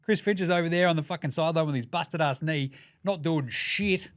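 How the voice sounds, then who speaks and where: An Australian man hosts a casual sports commentary show, joking and swearing freely. His voice sits a little on the high side for a man. The recording is dry and close, with no room sound. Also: a little fast, no room sound. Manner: profane, jokey, animated. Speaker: podcast host.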